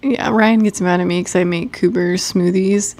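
A woman's voice: on the low side, fairly even intonation, moderate pace, darkish tone. A young woman co-hosting a casual podcast, talking with a stuffed-up nose, rambling and cutting herself off with frequent laughs. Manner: rambling, self-interrupting, laughs often. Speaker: podcast co-host. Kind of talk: casual chat.

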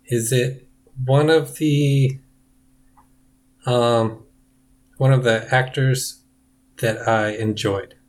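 A man's voice: mid-range voice, steady tone, very slow, long pauses. A man co-hosting a comedy podcast in casual chat, leading the bits and quizzing his co-host.

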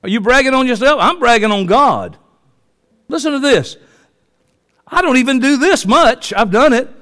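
A high-voiced preacher in his fifties delivers a fiery sermon, dropping to soft asides and then rising to shouts. His voice rings out with the long reverb of a church hall. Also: lively intonation, moderate pace. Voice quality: passionate, swings from soft to shouting. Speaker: pastor. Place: church sanctuary.

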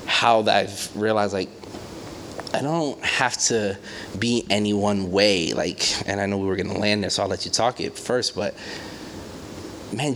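A man's voice: fairly low pitch, a little hiss or hum. A man preaching in a conversational way, telling stories with lots of fillers and playful acted quotes. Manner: animated storytelling with acted quotes and many fillers. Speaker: pastor. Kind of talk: conversational sermon.

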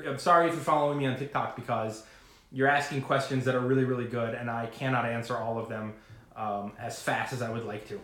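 Rambling man in an echoey room. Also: medium pitch. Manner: rambling, animated, swears casually. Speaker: retail investor vlogger. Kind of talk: casual talk to camera.

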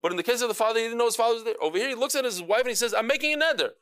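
A man's voice: extremely high pitch, rapid-fire, clean tone. A man teaching a Talmud class, who acts out the people he quotes and uses terms. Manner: animated, acts out quoted speakers, mixes Hebrew and Yiddish terms.

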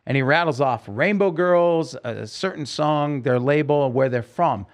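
A man's voice: a little high, normal speed. A man telling his life story as a podcast guest, acting out the voices of people he quotes. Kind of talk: storytelling interview. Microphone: podcast microphone.

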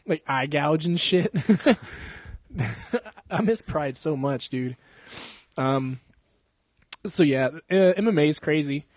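A young man hosting a casual chat, swearing freely, laughing often and telling animated stories. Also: fairly high pitch, no room sound. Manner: profane, laughing, animated storytelling. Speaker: podcast host.

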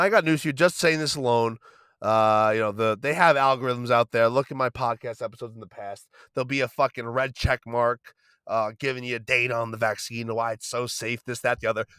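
A man's voice: on the high side, sharp tone, no room sound. A man hosting a podcast, ranting in a heated, profane and emphatic way. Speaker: podcast host.

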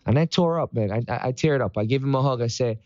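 A man's voice: medium pitch, fast, a little mellow, no echo. A man giving a motivational morning talk, upbeat and preachy in tone. The sound is dry, with little room around it, and slightly dull and lo-fi. His voice sits in an ordinary middle range. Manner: preachy and upbeat, with sung greetings.

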